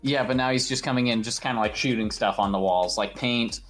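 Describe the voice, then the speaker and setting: A man's voice: medium pitch, fairly quick, a bit bright, faint music behind. A man hosting a casual podcast, rambling and repeating himself as he spins absurd made-up stories. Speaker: podcast host.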